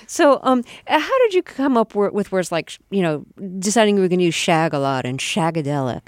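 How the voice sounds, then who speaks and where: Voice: mid-range voice, very animated, a little fast, no room sound, clean studio sound. An interview host asking curious questions and laughing easily.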